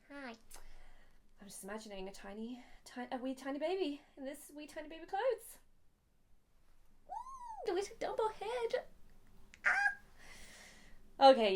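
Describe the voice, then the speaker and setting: A woman's voice: on the high side, animated, quick pace, darkish tone, a little hiss or hum. A young woman talks through a shopping haul in a casual, gushing, chatty vlog. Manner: gushing, chatty, easily emotional. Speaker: vlogger.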